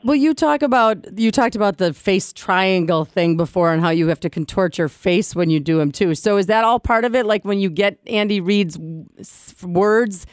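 A woman's voice: medium pitch, dry recording. Woman co-hosting, dry studio sound. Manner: reactive, quick questions. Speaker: radio co-host. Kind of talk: casual radio interview.

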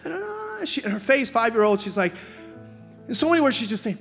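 Breathless pastor in a reverberant church hall. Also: male voice, very high-pitched, fairly quick, vocal fry. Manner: animated storytelling with loud acted-out voices. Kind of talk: sermon with altar call. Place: church auditorium. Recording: long hall reverb with music behind.

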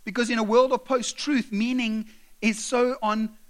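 High-voiced man preaching earnestly. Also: level tone, moderate pace. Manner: earnest, direct exhortation with conversational asides. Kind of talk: sermon.

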